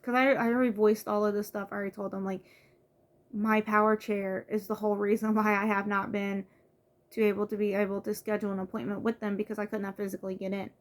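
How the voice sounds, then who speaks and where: A woman's voice: mid-range voice, level tone, fast. Frustrated young woman venting to camera. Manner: frustrated, venting, many fillers and restarts. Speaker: vlogger. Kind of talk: casual vlog rant to camera.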